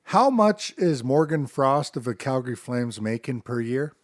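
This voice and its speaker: A man with an average-pitched voice, recorded close and dry with no room sound. He co-hosts a relaxed podcast and trades joking, teasing banter. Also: moderate pace, dry recording. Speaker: podcast co-host. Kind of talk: casual hockey chat.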